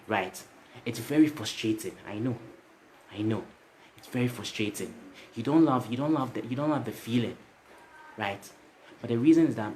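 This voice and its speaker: A man's voice: mid-range voice, darkish tone, slight background noise. A man giving a motivational story to livestream viewers, repeating himself and tagging his lines with "right?". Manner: repetitive, tags lines with "right?"; addresses viewers directly. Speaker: motivational speaker.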